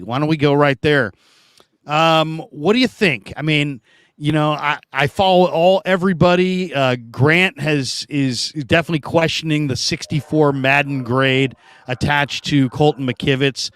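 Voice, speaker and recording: Male sports host, chatty, slightly high voice, dry close sound. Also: steady tone, measured pace, a bit bright, clear, resonant tone, dry recording. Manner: chatty, reads viewer comments aloud. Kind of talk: casual sports talk.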